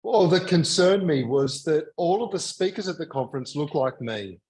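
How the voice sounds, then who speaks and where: A man with an Australian accent, speaking as a guest in a conversational interview, measured and thoughtful with some light humor. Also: fairly high pitch, expressive, a little mellow, low-quality recording. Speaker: guest, mission leader and teacher.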